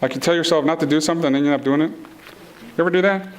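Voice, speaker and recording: A man's voice: a little high, very fast. A middle-aged man preaching a sermon in a playful, conversational way, acting out the people in his stories. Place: congregation hall.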